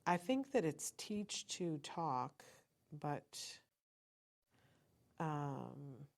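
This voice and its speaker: Encouraging woman host with a low voice. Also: animated, very slow, vocal fry. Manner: encouraging and chatty. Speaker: podcast host. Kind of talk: live-stream chat, answering viewers.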